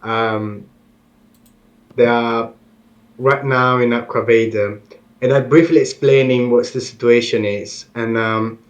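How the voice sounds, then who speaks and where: A man playing a tabletop game who speaks haltingly, with many ums and uhs. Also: mid-range voice, steady tone, muffled recording. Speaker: player. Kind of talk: in-character tabletop play.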